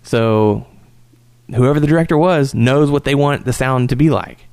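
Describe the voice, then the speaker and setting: A man's voice: mid-range voice, moderate pace, gravelly. A man co-hosting a casual podcast about wrestling, talking animatedly and with some swearing. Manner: animated, profane, acts out quotes. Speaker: podcast co-host.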